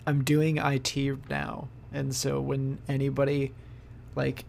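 A man's voice: mid-range voice, monotone, takes it slowly, vocal fry, darkish tone, a little hiss or hum. A young man co-hosting a casual podcast, laid-back, with short replies and dry jokes. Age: young adult. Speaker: podcast co-host. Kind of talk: casual chat.

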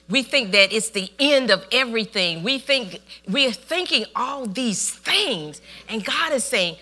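A woman's voice: mid-range voice, measured pace, soft background music. A woman pastor preaching a sermon, telling a story with lots of laughter and emphatic, repeated phrases. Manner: animated storytelling, laughs often.

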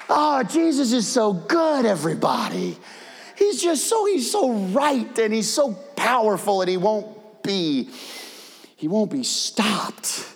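Animated preacher in a reverberant hall. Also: male voice, high-pitched, takes it slowly. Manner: animated preaching, swinging from hushed to shouting. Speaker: pastor. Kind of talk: sermon. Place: church sanctuary. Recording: long reverb of a large hall.

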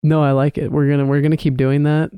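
A young man in his early twenties co-hosts a podcast in an easygoing, chatty way, sometimes stumbling over his first words. His voice has a gravelly edge and a warm, mellow tone. The sound is close and dry, with no room behind it. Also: fairly high pitch, fast, dry recording. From Chicago area. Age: early 20s. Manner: relaxed, repeats words when starting sentences. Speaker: podcast co-host. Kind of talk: casual chat.

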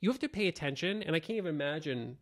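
A man co-hosting a podcast in a casual chat about an old show. He fires off animated, quick questions. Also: a little high. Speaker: podcast co-host.

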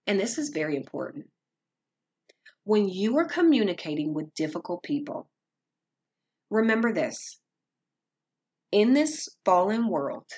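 A woman speaks with earnest calm, giving faith-based advice in a measured, teaching way. Her delivery is unhurried and deliberate. Her voice carries a soft, breathy edge. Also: lowish voice. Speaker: Christian speaker.

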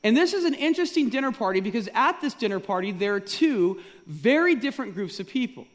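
A male pastor delivering a sermon in a high, very animated voice that climbs and drops as he presses his points. He poses question after question to the room and repeats phrases for emphasis. His voice rings out with the long reverb of a large church sanctuary. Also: fast. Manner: rhetorical questions, emphatic repetition.

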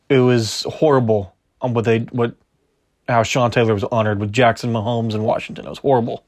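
Male podcast host, mid-pitch, opinionated sports talk that argues with itself. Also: flat delivery, a little fast, darkish tone.

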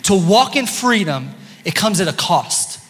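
High-voiced pastor in an echoing hall. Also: male voice, a little slow, breathy edge. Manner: lively and playful with the congregation. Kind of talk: sermon. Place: church sanctuary. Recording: long church-hall reverb.

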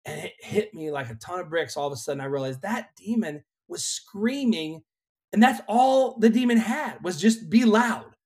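A young adult man with a slightly higher-than-usual voice tells an earnest, animated story as a worship leader. He speaks conversationally, building each moment with sincere conviction. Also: moderate pace.

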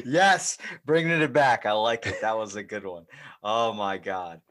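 A man hosting a podcast in casual chat. He is animated and profane and often jumps into acted quotes. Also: on the low side, takes it slowly, background noise. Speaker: podcast host.

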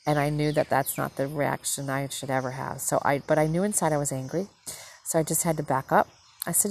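With a deep voice and a brisk pace, this podcast host and mother from the northern US tells a casual, rambling story, animatedly retelling it and correcting herself along the way. A little hiss or hum sits in the recording.

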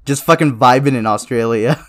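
A man's voice: mid-range voice, moderate pace. A young man co-hosting a podcast, chatting casually at night, rambling, swearing freely and laughing often. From immigrated to Canada young. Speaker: podcast co-host. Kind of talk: casual late-night chat.

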